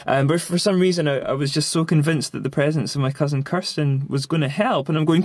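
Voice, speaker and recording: A man's voice: medium pitch, a little fast, few pauses, a little mellow, dry recording. A man in his twenties casually recounting a story in a rambling way, full of fillers and restarts. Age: 20s. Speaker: vlogger.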